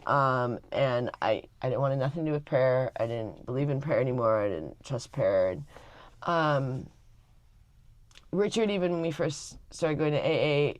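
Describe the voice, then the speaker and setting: A woman's voice: deep voice, no room sound. A middle-aged woman vlogging casually to camera, rambling with many fillers and restarts. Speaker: family vlogger.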